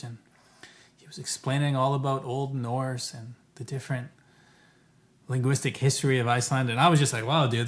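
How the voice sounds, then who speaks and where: Rambling man telling a travel story. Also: medium pitch. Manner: rambling, self-correcting, quotes people in animated bursts. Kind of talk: casual storytelling.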